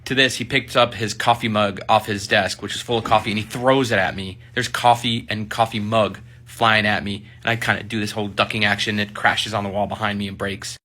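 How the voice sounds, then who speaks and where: A man, a military service member, casually telling a personal story in an animated way, acting out the people he quotes. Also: fairly low pitch, a little fast, hardly any pauses. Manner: animated, acts out quoted voices.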